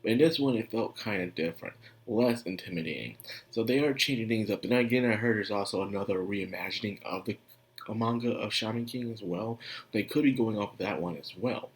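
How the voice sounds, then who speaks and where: A man's voice: lowish voice, fairly quick. A man giving a casual, rambling anime review, chatty and often laughing.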